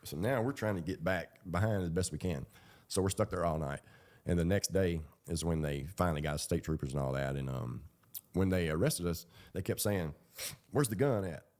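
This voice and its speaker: A man's voice: low voice, moderate pace, darkish tone. A man telling his own story in a loose, rambling, colloquial way. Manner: rambling, colloquial, with fillers and laughs. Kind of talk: casual storytelling.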